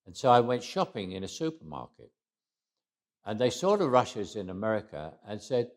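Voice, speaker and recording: An older man with a Cockney accent talks through memories in an interview. His voice sits low, and he often chuckles and trails off quietly. He restarts phrases as he goes. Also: sing-song, normal speed. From England. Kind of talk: reflective interview storytelling.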